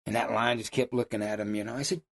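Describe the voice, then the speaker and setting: A middle-aged man, a hunting guide, telling stories in casual chat with loud, high bursts when he quotes people. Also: fast. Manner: animated yarn-spinner, loud high bursts when quoting.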